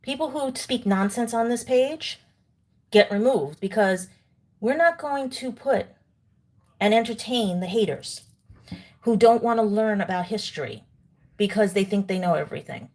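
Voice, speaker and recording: A woman's voice: mid-range voice, measured pace, darkish tone. A woman hosts a livestream and talks to her chat in a lecturing, indignant way. She eats while she talks to her viewers. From New York. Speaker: livestream host. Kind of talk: live-stream commentary to chat.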